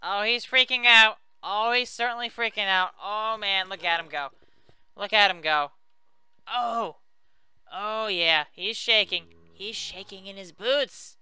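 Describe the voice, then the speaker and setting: Man, let's play host; vivid bright tone, clean and crisp delivery, chatty, self-deprecating. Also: high-pitched, unhurried, no echo. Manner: chatty and self-mocking, talks to viewers. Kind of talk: casual let's play commentary.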